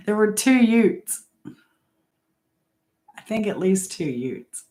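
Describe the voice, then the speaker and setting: A woman's voice: mid-range voice, dark tone, low-quality recording. A middle-aged woman hosting a casual live-stream trivia game. She is chatty, laughs often, reads questions aloud and greets viewers by name.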